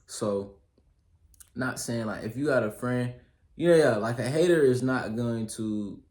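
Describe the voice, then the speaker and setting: A man's voice: mid-range voice, measured pace, a little mellow. A young man giving casual advice, working through a list of pointers in a loose, slangy style full of fillers and check-ins. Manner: loose slangy delivery, many fillers and "you feel me"; works through a list of pointers, reading some aloud. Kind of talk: casual solo advice talk. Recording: roomy echo.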